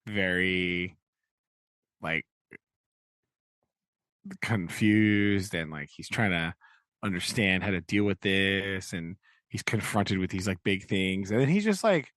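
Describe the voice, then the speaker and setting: A man with a lowish voice talks through a book in casual podcast chat. He rambles, leans on "like" and "right?", and slips into voices when quoting. The recording is close and dry. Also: slow pace, long pauses, fairly bright tone, no room sound. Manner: acts out quotes in changing voices. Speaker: podcast co-host.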